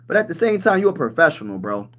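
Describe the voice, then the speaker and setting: A man in his thirties hosting a casual sports livestream, talking loose and slangy, calling everyone "bro" and breaking into shouts when he gets riled up. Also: fairly high pitch, big pitch swings, fast. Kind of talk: casual livestream chat reading comments.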